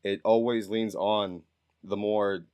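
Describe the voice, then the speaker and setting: A man from Massachusetts with a Boston accent, co-hosting a podcast and chatting casually in a rambling, animated way. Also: lowish voice, slow pace, clean tone, no room sound. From Massachusetts, North Shore. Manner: rambling, animated, repeats himself. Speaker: podcast co-host. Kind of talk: casual chat.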